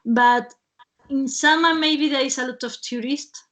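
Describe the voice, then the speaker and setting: A woman hosting an online webinar in a casual way. She talks haltingly, with many fillers and restarts, and laughs often between phrases, over a video call. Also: high voice, fairly even intonation, fairly bright tone. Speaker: webinar host.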